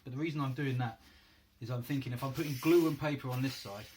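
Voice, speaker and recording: A man with a medium-pitched, slightly mellow voice and a North London accent talks fast over slight background noise. He hosts a casual, hands-on crafting tutorial from his home workroom, chatting and thinking aloud as he works.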